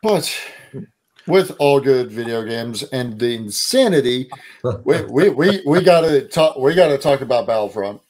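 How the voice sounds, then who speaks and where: Co-host, man, mid-pitched, opinionated, drives the conversation. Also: lively intonation, unhurried, a little mellow. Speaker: podcast co-host. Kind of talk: casual chat.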